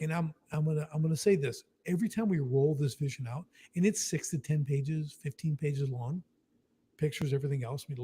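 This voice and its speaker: This business coach explains strategy casually but with emphasis, acting out short exchanges and often tacking on "right?" His voice is a little high, with a dark tone and a breathy edge.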